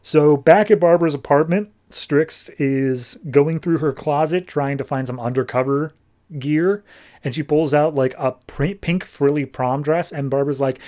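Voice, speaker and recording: A man's voice: a little high, normal speed, warm tone. Breezy man recapping comics. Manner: breezy, filler-laden retelling. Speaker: podcast host. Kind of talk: casual comic book recap.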